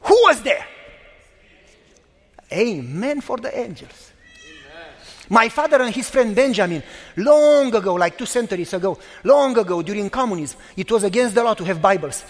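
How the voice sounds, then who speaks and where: A man in his fifties preaches in a high, light voice, building his stories with emphatic repetition and sudden pauses. His words ring out with a long reverb, as in a large church hall. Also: lively intonation. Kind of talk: sermon.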